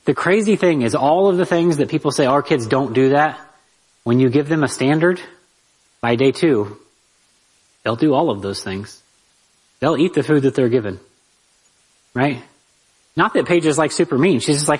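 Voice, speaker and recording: Male Bible teacher, husky and a bit high-pitched, lively and direct with listeners. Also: moderate pace, pauses often, rough recording. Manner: lively, talks straight to the listeners with rhetorical asides. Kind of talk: conversational Bible lesson.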